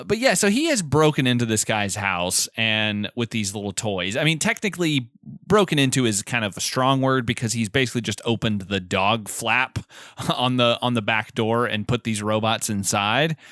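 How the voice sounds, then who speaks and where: Man, podcast co-host, bright crisp voice, dry close mic, laughs often, retelling movie scenes. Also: medium pitch, lively intonation, moderate pace, no echo. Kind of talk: casual chat recapping a film.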